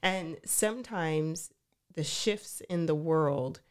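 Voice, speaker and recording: A woman's voice: deep voice, slow pace. A woman co-hosting a relationship podcast, welcoming listeners and steering the conversation with questions. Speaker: podcast co-host.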